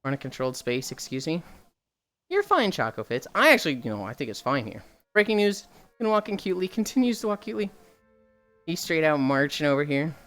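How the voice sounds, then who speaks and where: A young woman streaming while she walks on a treadmill, telling a story in a casual, animated way with swearing, sounding a little tired. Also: sits low, fairly quick, soft background music. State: slightly tired from walking.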